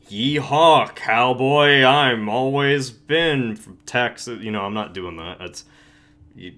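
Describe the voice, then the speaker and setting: A man's voice: sits low, sharp tone. A young man hosting a casual livestream chat, rambling with many restarts and frequent laughs. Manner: rambling, self-interrupting, laughs often. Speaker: channel host.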